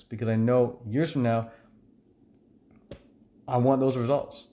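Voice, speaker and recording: A man's voice: medium pitch, normal speed, long pauses, dark tone. A man vlogging casually to camera, chatty and upbeat, with frequent fillers. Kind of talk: casual talking-to-camera vlog.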